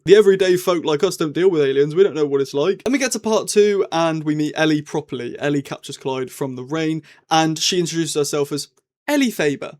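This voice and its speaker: A young man giving a casual, rambling TV review, his tone swinging up and down as he talks. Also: on the high side. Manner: chatty and rambling, with lively swings in tone.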